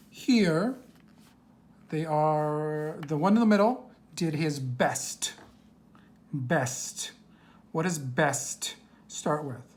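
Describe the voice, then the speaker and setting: A woman teacher reading a worksheet aloud to young children, patient and slow, asking questions and answering them herself. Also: low-pitched, a little mellow.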